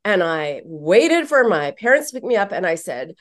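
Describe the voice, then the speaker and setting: Woman therapist on a podcast, animated and blunt, tells it straight. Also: on the low side, normal speed, few pauses. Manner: animated, emphatic, frank. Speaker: psychotherapist. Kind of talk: storytelling in a podcast interview.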